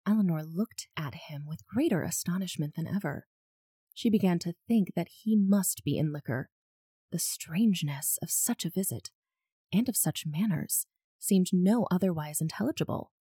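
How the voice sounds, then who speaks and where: A woman co-hosting a casual book podcast, reading narration aloud and chatting in an expressive, lively way. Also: on the low side, moderate pace, slightly rough, dry recording, clean studio sound. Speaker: podcast co-host.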